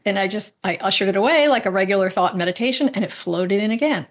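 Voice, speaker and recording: Woman guest telling lively stories. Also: medium pitch, quick pace, hardly any pauses. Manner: animated storyteller, acts out quoted voices; frequent "right?" tag questions. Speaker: guest, medical intuitive. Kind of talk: conversational interview.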